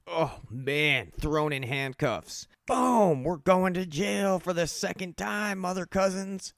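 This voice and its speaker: A man's voice: fairly high pitch, a little slow, creaky, few pauses, a bit bright, no room sound. Candid, profane man telling his story. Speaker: storyteller recounting his addiction. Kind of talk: casual personal storytelling.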